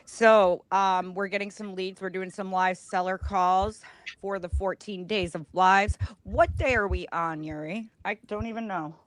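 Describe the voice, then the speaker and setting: Joking female co-host, mid pitch, dry close mic. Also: steady tone, unhurried, no room sound. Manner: playful, joking. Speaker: livestream co-host. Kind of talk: casual live-stream banter.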